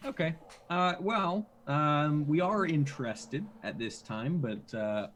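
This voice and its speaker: A man's voice: fairly high pitch, takes it slowly, fairly bright tone. Polite, hesitant male player, slight noise. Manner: polite, hesitant, many fillers. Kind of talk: in-character tabletop role-play.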